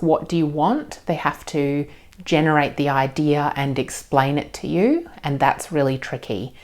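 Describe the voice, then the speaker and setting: Low-voiced woman giving calm parenting advice. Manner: calm, gentle, explaining with frequent ums. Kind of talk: explanatory parenting talk.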